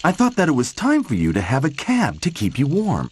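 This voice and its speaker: A man's voice: fairly high pitch, huge pitch swings, brisk, darkish tone, slight background noise, pitched above the performer's own voice. A man voicing a kind, cheerful young farm woman in a raised, lilting voice. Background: background music.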